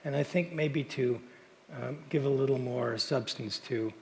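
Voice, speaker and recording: A man minister telling a personal story in a sermon, in a relaxed, halting way with frequent restarts, in a church. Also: medium pitch, slight background noise. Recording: long hall reverb, faint ambience.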